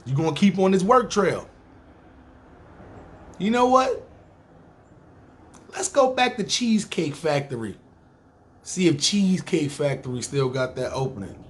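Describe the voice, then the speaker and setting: A New York-accented man, a podcast host, spins a long personal story in a casual, profane, streetwise way, acting out what other people said. His voice runs on the high side, with a slight hiss or hum in the audio.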